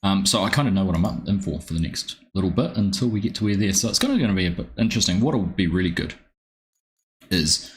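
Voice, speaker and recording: A man's voice: deep voice, expressive, quick pace, slight background noise. A man with a New Zealand accent hosting a live game stream, chatting casually and greeting viewers by name.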